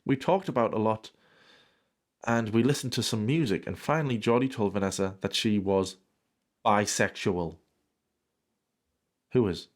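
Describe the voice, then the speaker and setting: His pitch sits fairly low, and he reads a little slowly, pausing often. It's a man performing a fan story for laughs, cutting in with deadpan sarcastic remarks and feigned indignation.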